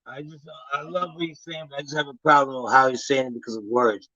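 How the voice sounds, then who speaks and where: Stream host guy talking slow and logical, kinda lecturing, muffled lo-fi audio. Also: medium pitch. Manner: measured, lecturing, says he wants to stay calm and logical. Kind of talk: casual talk on a live stream.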